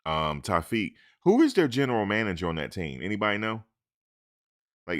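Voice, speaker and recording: A man's voice: lowish voice, normal speed. A man hosting a sports talk show, riffing casually and animatedly, acting out imagined conversations and answering his chat. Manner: animated, talks back to the chat; acts out imagined lines in asides. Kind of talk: casual commentary.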